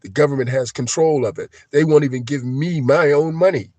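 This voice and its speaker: A man ranting on a live stream, agitated and profane, swinging between shouting and low, emotional muttering. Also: brisk, no room sound. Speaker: livestream host.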